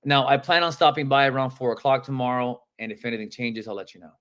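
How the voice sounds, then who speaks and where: A man coaching real estate agents on a live-streamed sales training, talking in energetic, casual slang and acting out phone calls. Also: mid-range voice, fast, clear, resonant tone.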